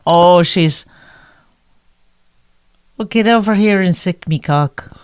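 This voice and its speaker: A woman plays a bawdy young Irish lass in a put-on Irish accent, sing-song and slow. The voice is lifted and loud against a dry room. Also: on the low side, clear, resonant tone, no echo.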